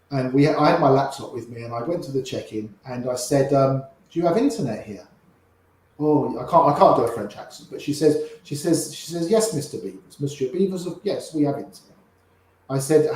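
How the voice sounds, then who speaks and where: An older man, an interview guest, telling lively anecdotes and acting out the voices of the people in them. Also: medium pitch, very echoey, poor audio. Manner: lively raconteur, acts out quoted voices. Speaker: interview guest, poker player. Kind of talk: anecdotal storytelling.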